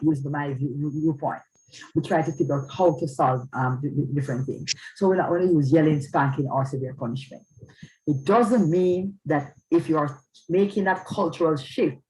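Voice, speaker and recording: A woman's voice: low-pitched, darkish tone, poor audio. Female speaker at a church event, earnest, keeps asking "all right?" to check in with listeners. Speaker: speaker on parenting. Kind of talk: church talk.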